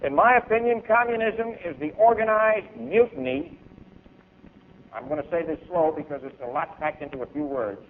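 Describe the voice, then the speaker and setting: A man's voice: sits high, very animated, normal speed. A man giving an emphatic, declaiming public speech and then taking questions from an audience. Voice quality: emphatic, oratorical, declaiming with big swings in loudness. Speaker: speaker at a university event. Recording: tinny, lo-fi archival tape.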